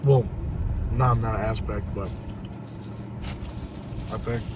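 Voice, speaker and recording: A man's voice: lowish voice, fairly even intonation, slow pace. A young man co-hosting a casual podcast, laid-back and agreeable, chatting a bit ramblingly inside a car. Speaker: podcast co-host. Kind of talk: casual chat. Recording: distant mic with car noise.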